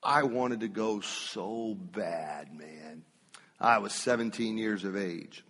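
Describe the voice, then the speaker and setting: A man preaching a sermon, telling a personal story with emphatic, drawn-out phrasing. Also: fairly low pitch, a bit bright, long reverb tail.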